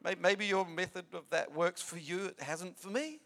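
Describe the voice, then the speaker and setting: A pastor preaching a sermon in a conversational, emphatic way, often repeating words and adding asides. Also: male voice, high-pitched, normal speed, gravelly, pushed and bright.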